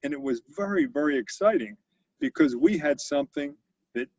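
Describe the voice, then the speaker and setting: During a conversational interview, a sixty-something CEO tells stories filled with fillers and restarts, his fairly high voice swooping wildly in pitch. He talks at normal speed with a darkish tone and vocal fry. The lo-fi audio is dull, with no room sound.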